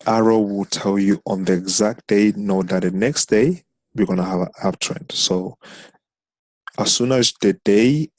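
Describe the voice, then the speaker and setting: A man's voice: on the low side, darkish tone, dry recording. A man teaching a trading strategy over a screen share, explaining step by step and counting chart candles aloud. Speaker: trading instructor.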